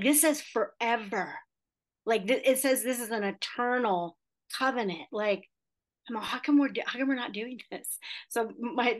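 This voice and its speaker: Chatty woman in her fifties, guest. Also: fairly high pitch. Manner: chatty, acts out quoted dialogue, many fillers. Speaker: interview guest. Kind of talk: casual storytelling interview.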